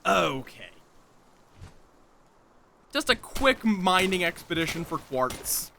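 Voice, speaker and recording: With a voice that sits high and takes big pitch swings, a man streams a game and rambles casually, talking to himself and his chat. He speaks at a moderate pace in a bright, forceful tone, with a little background noise.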